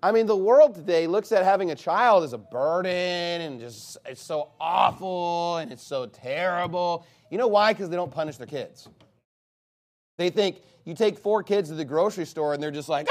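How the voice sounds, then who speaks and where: A pastor with a fairly high voice preaches a sermon to his congregation at a moderate pace. He's emphatic and expressive, swinging his pitch widely and now and then erupting into loud outbursts.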